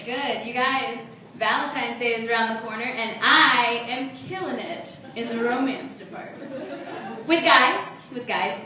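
A woman opens a stand-up set in a chatty, self-deprecating way, her voice fairly high. The recording is echoey and distant, with a crowd murmuring around her. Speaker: stand-up comedian. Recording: echoey live club recording from far off, crowd.

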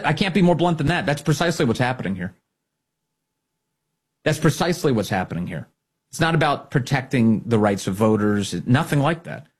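Male political commentator, husky and lively, sarcastic, punchy delivery. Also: on the high side. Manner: sarcastic, mocking, emphatic.

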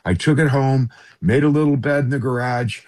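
A man's voice: medium pitch, moderate pace, a little mellow. A middle-aged man, a guest on a radio interview, earnestly telling a personal story and often addressing the host by name.

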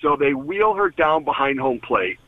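A man's voice: mid-range voice, big pitch swings, moderate pace. A man who is a guest and former team executive, telling an earnest story in an interview and often restarting and repeating words. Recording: tinny phone line on radio.

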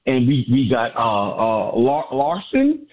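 A man calling a sports radio show, excited and boastful, repeating his points. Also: mid-range voice, slow, slight background noise. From Miami area. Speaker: caller. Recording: phone line.

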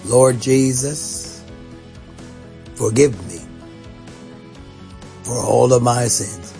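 A man, a bishop, slowly leading a prayer with pauses for listeners to repeat. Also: medium pitch, vocal fry, dark tone, faint music behind. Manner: slow, measured, pausing for repetition.

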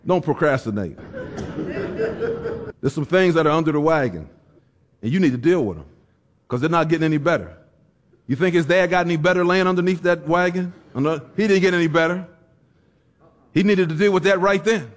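A man preaching a sermon, folksy and fervent, breaking into shouted exhortations and wry stories. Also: on the high side, normal speed, long pauses. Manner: storytelling with folksy humor.

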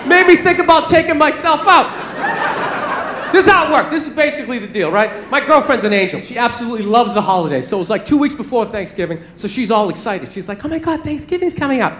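Very high-voiced man doing stand-up. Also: fast talker. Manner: profane, animated storytelling. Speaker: stand-up comedian. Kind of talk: stand-up comedy set. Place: comedy club stage. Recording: echoey club with crowd noise. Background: audience laughter.

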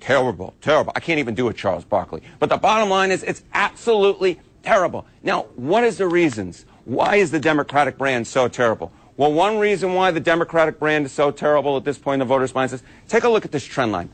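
A man explains poll numbers on television with a fairly high, animated voice. He is emphatic and leans on repeated words to drive his points home. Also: quick pace, few pauses. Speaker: political data analyst. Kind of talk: on-air explanation.

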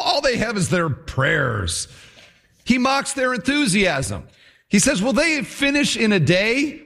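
A man preaching an expository sermon, telling the story in an animated way and asking his listeners questions. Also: high-pitched. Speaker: pastor.

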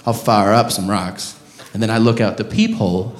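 A man in a stand-up act voicing an older, white-haired male driver who is stoned and easygoing, quieter than his own talk. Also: fairly low pitch, steady tone, normal speed, echoey room, big-room sound, heavy background noise, pitched below the performer's own voice, natural voice. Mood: dreamy. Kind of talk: stand-up comedy.

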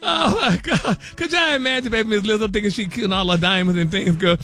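Over faint background music, a man with a high, pushed, bright voice talks fast through a celebrity gossip segment on a morning radio show. He's flamboyant and sassy, laughing often and calling everyone honey and baby.

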